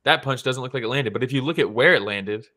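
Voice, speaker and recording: Casual bright-voiced man chatting about fights. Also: medium pitch, quick pace. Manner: relaxed, swears often, acts out quotes. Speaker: podcast co-host. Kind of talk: casual chat reacting to fight photos.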